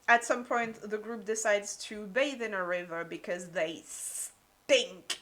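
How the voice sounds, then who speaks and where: A woman's voice: fairly low pitch, fairly bright tone. A woman giving a casual book review, gushing and peppering her talk with "like".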